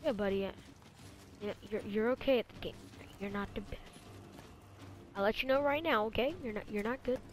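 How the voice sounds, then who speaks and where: A woman's voice: medium pitch, a little fast, long pauses. A young woman giving casual gameplay commentary, slangy and stammering as she teases her opponents. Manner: slangy, stammering, mock-trash-talking opponents. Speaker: gamer.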